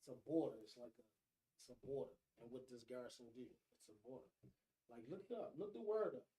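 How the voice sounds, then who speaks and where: A man's voice: medium pitch, very animated, fast, mellow, poor audio. A man co-hosting a casual podcast chat, making emphatic points and repeating them. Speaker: podcast co-host.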